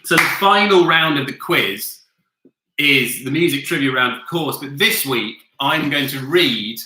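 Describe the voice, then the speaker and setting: Casual, sweary male quiz host with a piercingly bright tone, recorded in an echoey home room. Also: medium pitch, expressive, unhurried. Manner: loose, sweary, chatty. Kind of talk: casual online quiz hosting. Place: home, with a flatmate nearby.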